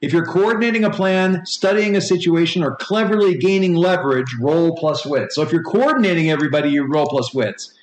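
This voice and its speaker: Rambling game master, echoey room. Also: male voice, a little high, lively intonation, fairly quick, hardly any pauses. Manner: rambling rules explanations, many fillers. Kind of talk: narrating a tabletop game. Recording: echoey room with faint noise.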